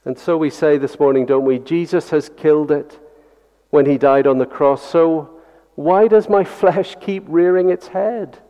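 A pastor preaches an earnest Sunday sermon in church, repeating key phrases and putting rhetorical questions to the congregation. His voice is fairly high and warm, with a measured pace. The sound is dull, with long hall reverb.

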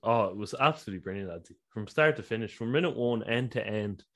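A man's voice: on the low side, lively intonation, quick pace, a bit bright. A man from Ireland, co-hosting a podcast and enthusing casually about football. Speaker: podcast co-host. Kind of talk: casual chat.

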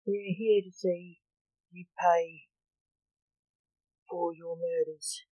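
A woman's voice: on the low side, little pitch movement, drawn-out words, no room sound, dull audio. A woman reading as a blunt young superhero man. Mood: stern. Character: sarcastic young male superhero, dark and blunt.

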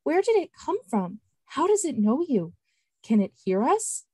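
A woman's voice: big pitch swings, measured pace, dry recording, studio quality. Woman voicing a wary young volcano girl. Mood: anxious. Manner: quiet, high, anxious questions. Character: young female volcano creature, wary and scared.

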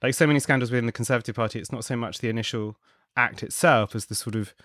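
A man's voice: medium pitch, racing, a bit bright, dry recording, clean studio sound. A man as a podcast guest, giving wry political analysis in a thoughtful way, with frequent ums and restarts. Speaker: guest, contributing editor.

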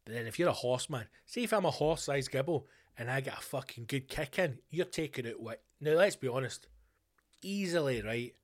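A man's voice: mid-range voice, a little fast. Scottish man hosting a rambling solo podcast. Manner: rambling, animated storytelling with swearing. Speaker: podcast host. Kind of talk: solo podcast monologue answering listener questions.

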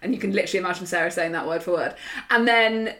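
A woman's voice: fairly low pitch, rapid-fire. A woman co-hosting a podcast, telling a funny anecdote casually, laughing as she talks and imitating her friends. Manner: lively anecdotal, laughs mid-sentence, mimics friends. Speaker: podcast co-host. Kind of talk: casual chat.

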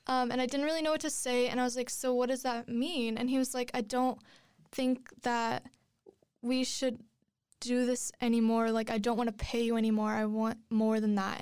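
A young woman in her twenties tells a personal story in loose, rambling chat, full of fillers and restarts. Her voice sits a little high and comes through smooth and clear. The recording is dry and close. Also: a little mellow, no room sound. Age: 20s. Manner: rambling, many likes and restarts. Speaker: guest telling a personal story.

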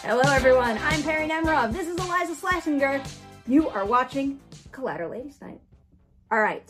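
A woman hosting a casual interview show, upbeat and playful as she reads out game questions. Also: fairly high pitch. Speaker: host.

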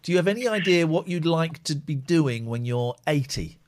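A middle-aged man hosting a call-in live stream, chatting casually and teasing callers with deadpan jokes. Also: moderate pace. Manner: teasing, deadpan jokes, lively swings in pitch. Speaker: live stream host taking phone calls. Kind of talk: casual joking chat with callers.

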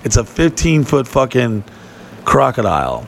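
A man spinning a rough, profane yarn in loose, rambling conversation. He sits at an ordinary middle pitch and tells it with animated energy. A faint hiss of noise runs under the recording. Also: unhurried. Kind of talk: casual podcast chat.

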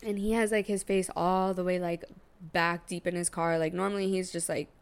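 A woman hosting a podcast, telling a story in a slangy, profane, animated casual way. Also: lowish voice, moderate pace, clear, resonant tone. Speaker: podcast host.

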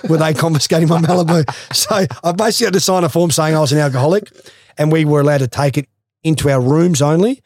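A man's voice: a little high, fast talker. Aussie guy, guest yarning away, swears a lot, dry close sound, no room echo. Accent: Australian. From Australia. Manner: swears freely, rambling anecdotes. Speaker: guest, former athlete. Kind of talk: casual storytelling.

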